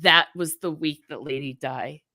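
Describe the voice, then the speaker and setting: A woman from Florida telling a family anecdote in a casual talk, animated and acting out the people in it. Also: low-pitched, measured pace, no room sound, clean studio sound. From South Florida, US. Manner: animated, acts out voices in her anecdote. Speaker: guest. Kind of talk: casual storytelling.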